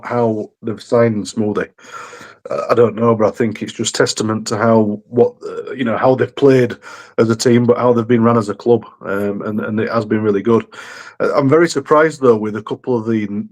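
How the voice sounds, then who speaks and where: A man's voice: mid-range voice, fairly even intonation, a little fast, darkish tone. A man co-hosting a rugby league podcast, casual and hesitant as he searches for words. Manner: hesitant, many fillers and restarts. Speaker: podcast co-host. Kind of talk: casual sports podcast chat.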